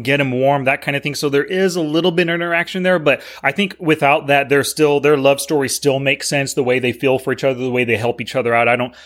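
A man's voice: medium pitch, fairly bright tone. A man co-hosting a casual movie discussion in an easygoing, agreeable, joking way. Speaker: podcast co-host.

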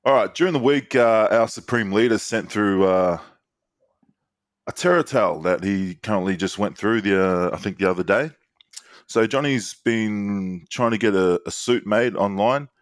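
A very low-pitched man, telling stories in loose, relaxed banter with plenty of ums. His voice is close and dry, with no room sound. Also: no echo. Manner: laid-back storytelling with frequent ums and laughs. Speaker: podcast co-host. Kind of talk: casual banter.

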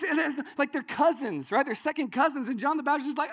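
A man delivers a sermon in a notably high voice. He talks to his listeners in a casual, animated way and often checks in with them as he explains a passage. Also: fast talker. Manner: animated, conversational, often asks "right?". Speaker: pastor.

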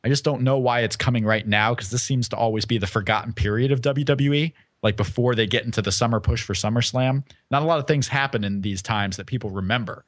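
A man's voice: mid-range voice, fast talker, few pauses, no echo, clean studio sound. A man co-hosting a casual podcast, thinking aloud and hedging his predictions. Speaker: podcast co-host.

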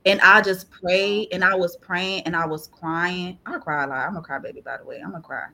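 A woman guest on a podcast, sharing a personal faith testimony in an animated, laughing, tearful storytelling way. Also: fairly low pitch, fairly quick, gravelly. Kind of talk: testimony in casual chat.

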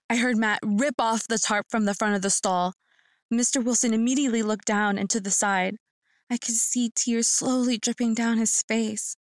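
A woman's voice: on the high side, little pitch movement, normal speed, dry recording. A woman narrating a first-person horror story in a tense, earnest manner.

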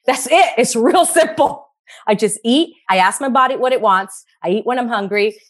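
A woman guest in a casual podcast conversation, animated and acting out the voices she quotes. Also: on the high side, a little fast.

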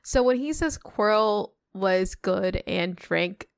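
A woman in casual chat, curiously asking questions and thinking out loud. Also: medium pitch, animated, takes it slowly, creaky, clean tone, dry recording, studio quality.

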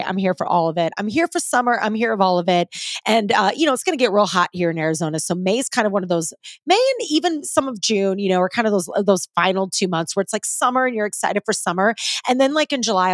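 A woman's voice: mid-range voice, no echo, studio quality. A woman in her forties hosting a casual solo podcast, talking in an upbeat, slangy way. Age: 40s. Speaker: podcast host.

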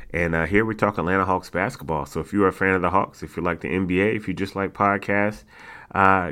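Host, male, low voice, easygoing chatty podcast delivery. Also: a bit bright. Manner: laid-back, chatty, with fillers and laughs. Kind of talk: casual sports podcast monologue.

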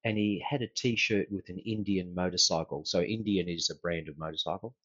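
An Australian man, a former police officer, telling a story in a casual interview, unhurried and full of fillers and restarts. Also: low-pitched, fairly even intonation, fairly bright tone, breathy edge, no echo, lo-fi sound.

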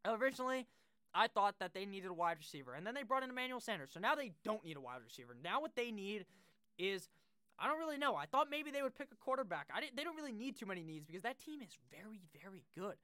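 A young man talks through sports picks in a loose, rambling way, swearing freely and laughing at his own slips. His voice is bright and crisp, and the sound is dry and close, with no room echo. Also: high-pitched, very animated, quick pace. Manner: rambling, profane and self-deprecating. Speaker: sports fan video creator. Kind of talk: casual draft-pick commentary.

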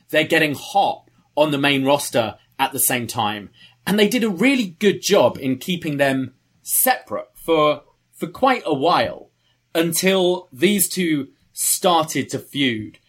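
A man's voice: fairly high pitch, expressive, measured pace, a bit bright, husky. A man co-hosting a podcast, chatting casually and recounting wrestling history. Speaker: podcast co-host. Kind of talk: casual chat.

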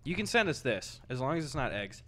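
A man's voice: mid-range voice, big pitch swings, fairly quick, bright, forceful tone. A man co-hosting a podcast from a living room, joking around and swearing in casual banter. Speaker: podcast co-host. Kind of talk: casual chat.

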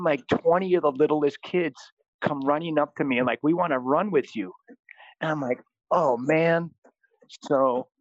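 Animated storytelling priest. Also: male voice, medium pitch, no echo. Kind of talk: storytelling in conversation. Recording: dull, dry lo-fi sound.

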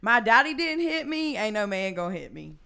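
A woman's voice: fairly high pitch, very animated, fairly quick, vocal fry, a crowd in the background. A woman in casual chat, tough-talking, swearing and playful.

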